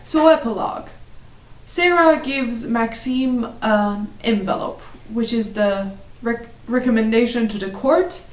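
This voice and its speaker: A woman's voice: on the high side, measured pace. A woman giving a ranting book review at home, exasperated and sarcastic. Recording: echoey room.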